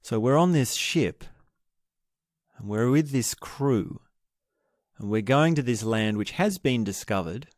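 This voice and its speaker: A man's voice: mid-range voice, animated, slow pace, long pauses, no echo, studio quality. A man hosting a book podcast, retelling a historical story in a casual, thinking-aloud way with restarts and asides. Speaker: podcast host.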